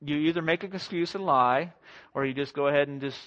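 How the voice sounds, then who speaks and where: A young married man preaching a sermon to a congregation in a conversational, self-deprecating way, slipping into quick acted-out quotes. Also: on the high side, a bit bright. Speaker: pastor. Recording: dull lo-fi sound.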